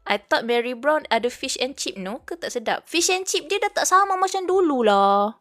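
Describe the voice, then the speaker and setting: A woman's voice: high voice, animated, brisk, hardly any pauses, fairly bright tone. A young Malaysian woman with a Malaysian English accent, chatting casually on her livestream and switching between English and Malay. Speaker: VTuber streamer. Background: faint background music.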